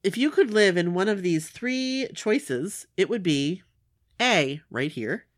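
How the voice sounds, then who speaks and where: Lively, low-ish woman, casual teasing chat, dry sound. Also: slow, dry recording. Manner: animated, teasing, laughs often.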